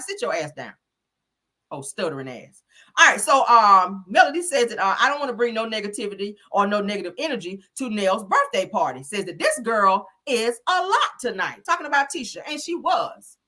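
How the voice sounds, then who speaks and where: A woman hosting a live stream, recapping a reality show episode in a sassy, blunt, animated way. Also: fairly high pitch. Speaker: host.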